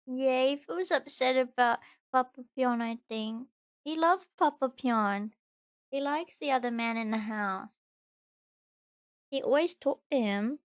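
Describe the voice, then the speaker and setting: A woman streaming from home, chatting casually and cooing to her pet in soft baby talk. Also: high-pitched, a little slow, no room sound, clean studio sound. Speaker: VTuber streamer.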